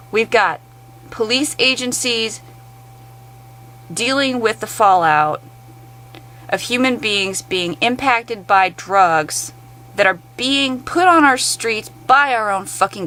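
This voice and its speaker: A woman's voice: medium pitch, expressive, slow, sharp tone, low-quality recording. A woman in an angry, blunt, profane rant to camera. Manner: blunt, heavily profane, exasperated.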